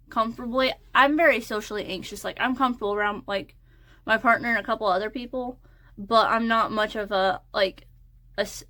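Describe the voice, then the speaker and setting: A woman's voice: medium pitch, bright, forceful tone. A young woman talking in a casual, hesitant ramble full of fillers while getting ready. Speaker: crochet and design vlogger.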